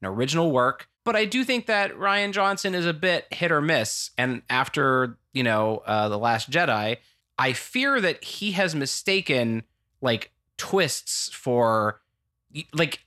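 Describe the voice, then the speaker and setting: An American man chatting casually about movies as a podcast co-host, animated and rambling, often restarting his sentences. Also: a little high, measured pace. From United States.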